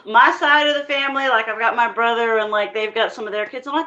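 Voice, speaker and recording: A young woman with a high, bright voice talks as a guest in a casual chat, candid and chatty. She swears freely and acts out little quotes, and her audio sounds dull and lo-fi. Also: fairly even intonation, fast talker, few pauses. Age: young adult.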